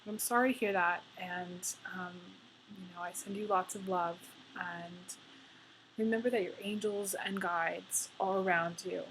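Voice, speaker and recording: A woman's voice: lowish voice, fairly even intonation, a little slow, a bit bright, slight background noise, poor audio. A woman giving a casual spoken tarot reading, rambling with many fillers and restarts and getting emotional. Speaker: tarot reader.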